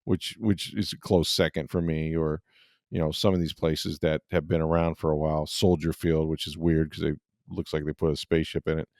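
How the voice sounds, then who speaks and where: A man's voice: a bass voice, level tone, brisk, darkish tone, dry recording, studio quality. A middle-aged man hosting a sports podcast, telling a rambling story in casual chat with lots of fillers.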